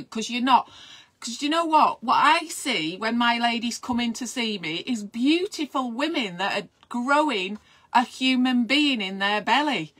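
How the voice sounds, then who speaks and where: A woman's voice: on the high side, lively intonation, takes it slowly, fairly bright tone. A middle-aged woman, chatting casually and rambling on a live stream as a midwife host, encouraging her viewers.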